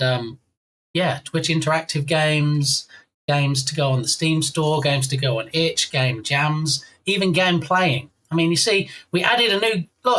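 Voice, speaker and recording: An English game dev streamer chats live, reading out chat messages and thanking viewers. His voice is a little high and sharp, with a slight frog in his throat, and the audio quality is poor.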